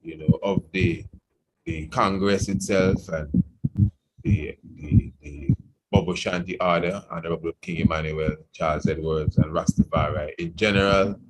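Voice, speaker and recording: A low-pitched man with a lilt hosts an evening radio talk, musing at length and filling his thoughts with "you know". The broadcast is buried under loud hiss and clicks. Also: steady tone, unhurried. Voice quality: meandering, with frequent "you know". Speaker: radio program host. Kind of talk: reflective radio talk discussion.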